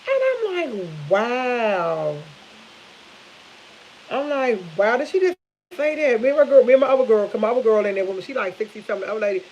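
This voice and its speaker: Woman in her fifties, chatty vlogger, slightly high voice, dull lo-fi sound with faint hiss. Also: brisk. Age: 50s. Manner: chatty, animated storytelling with laughs, addresses viewers as y'all. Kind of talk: casual chat. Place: home kitchen while cooking.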